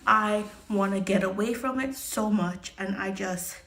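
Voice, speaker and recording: A young woman vlogging casually about a book she is reading, animated and exclamatory, talking from a small closet. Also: medium pitch, a little slow. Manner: animated, exclamatory, chatty with frequent "like". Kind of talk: casual reading reaction vlog. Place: small closet next to a bathroom.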